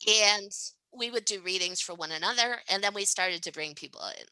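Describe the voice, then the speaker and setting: A woman's voice: medium pitch, fairly quick, bright, forceful tone, smooth, no room sound, poor audio. A woman speaking as a podcast guest, telling stories casually and animatedly, often tagging sentences with "right?" and laughing. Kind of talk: casual conversational storytelling.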